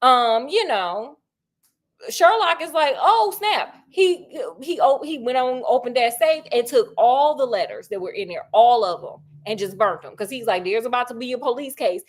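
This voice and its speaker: A woman storyteller retelling a classic mystery in an animated, slangy way, asking her listeners questions. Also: on the high side, normal speed.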